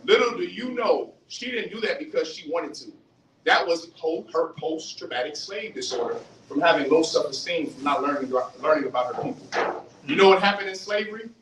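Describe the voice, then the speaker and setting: Animated man lecturing in an echoey hall. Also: on the high side, moderate pace. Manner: animated, acts out voices, questions the audience. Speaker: religious lecturer. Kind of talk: fiery street-style lecture. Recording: roomy, distant mic, faint hiss.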